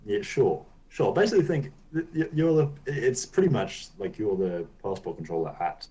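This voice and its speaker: Low-voiced man rambling casually. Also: lively intonation, moderate pace, dark tone, low-quality recording. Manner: rambling, loose, swears casually. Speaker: podcast co-host. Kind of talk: casual gaming chat.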